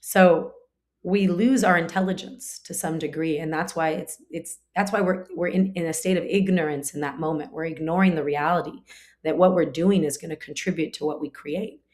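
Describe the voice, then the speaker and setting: A woman's voice: low-pitched, fairly even intonation, normal speed, darkish tone. A woman teaching a spiritual class in a conversational way, full of fillers and restarts, now and then acting out short quoted lines. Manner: acts out short quoted lines in her talk.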